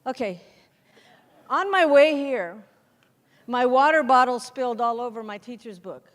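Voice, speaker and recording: Lively woman teaching in a reverberant hall. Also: fairly high pitch, unhurried. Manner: animated, asks the audience questions and answers them herself. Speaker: teacher trainer and textbook author. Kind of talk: lively workshop talk to teachers.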